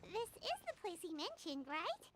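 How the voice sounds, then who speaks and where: A woman voicing an eager female companion in a video game, talking quickly and softly. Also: extremely high pitch, huge pitch swings, heavily acted. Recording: game audio with loud noise.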